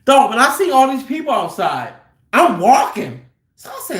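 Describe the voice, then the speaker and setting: A man's voice: very high-pitched, normal speed. A man who drives trucks, telling stories casually and with profanity, acting out what people said. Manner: animated, profane, acts out quotes loudly. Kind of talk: casual storytelling. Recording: roomy echo.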